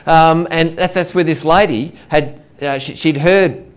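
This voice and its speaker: A man's voice: fairly high pitch, a little slow. A middle-aged man preaching a sermon in a church, telling a personal story with many fillers and restarts. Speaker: pastor.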